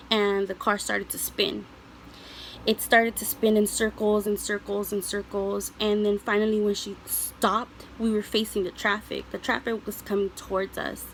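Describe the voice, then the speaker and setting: A woman's voice: medium pitch, gravelly, a little hiss or hum, poor audio. A young woman vlogger answering viewer questions, telling a personal story in an earnest, emotional way with many ums and you-knows.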